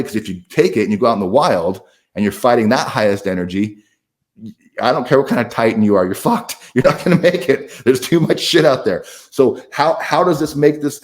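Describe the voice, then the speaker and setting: A middle-aged man, a podcast guest, talking candidly in a blunt, profane way with frequent restarts. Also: medium pitch. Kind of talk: candid conversational storytelling.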